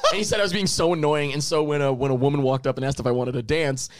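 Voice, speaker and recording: A man's voice: a little high, fairly even intonation, fast. A man who is a podcast guest, telling a rambling story in casual chat and laughing at his own jokes, on a headphone-and-mic studio setup.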